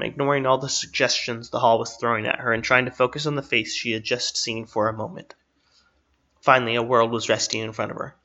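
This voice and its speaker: Bright-voiced man narrating a story. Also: medium pitch, creaky. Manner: steady, measured storytelling. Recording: slightly dull, lo-fi.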